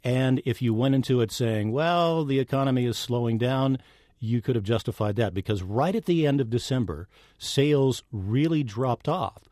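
A man at mid pitch, a business correspondent joking with the host while he explains economic figures. The studio mic is close and dry, with no room sound. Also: moderate pace, a little mellow, no room sound. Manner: jovial, explanatory. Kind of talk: public radio business news banter. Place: radio studio.

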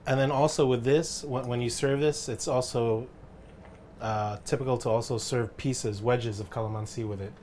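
A man who grew up in the Philippines, working as a chef and explaining a dish in a halting way, often repeating words while he cooks in a kitchen. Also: medium pitch, fairly even intonation, a little mellow. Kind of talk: casual cooking chat. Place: kitchen indoors. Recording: clear kitchen clatter noise.

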